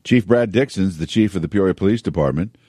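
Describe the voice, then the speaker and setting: A man's voice: low voice, fast talker, dark tone, a little hiss or hum. A man hosting a local talk show, asking rambling conversational questions. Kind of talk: casual interview.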